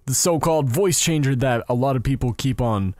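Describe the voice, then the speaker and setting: A man's voice: mid-range voice, a little fast, a little mellow, dry recording, clean studio sound. A man in his twenties, a gaming YouTuber, answering viewer questions in a chatty, upbeat way. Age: 20s. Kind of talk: casual Q&A to camera.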